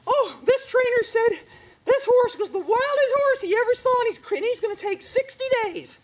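A man mocking a fretful, overprotective horse owner in a high, squealing, worried voice. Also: lively intonation, normal speed. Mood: gushing. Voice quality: high, squealing mock-worry.

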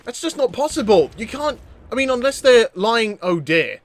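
A young man giving casual, jokey commentary while playing a shooter game, excitable and often stammering over his words. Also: very high-pitched, moderate pace, dry recording. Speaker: gaming YouTuber.

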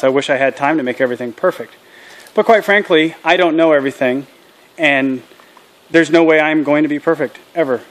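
A man hosting a casual farm vlog outdoors, talking earnestly and candidly and dropping acronyms as he explains his mistakes. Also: fairly high pitch. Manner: earnest and candid, drops acronyms and military jargon. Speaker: channel host. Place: outdoors at a small farm processing setup.

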